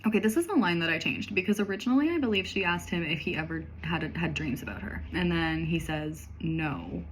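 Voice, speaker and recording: A woman's voice: lowish voice, fast, a little hiss or hum, rough recording. A woman reading through her own old story and commenting on it, candid and self-amused. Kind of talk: casual read-through with commentary.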